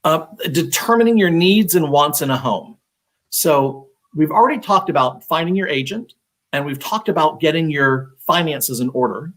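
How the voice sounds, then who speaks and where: A man's voice: fairly high pitch, expressive, normal speed, a bit bright. A man working as a real estate agent, giving casual advice on a live stream, talking conversationally with many fillers and restarts.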